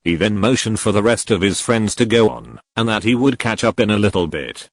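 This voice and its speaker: A man narrating a fan fiction story in an even storytelling read. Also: fairly low pitch, fairly quick, dry recording.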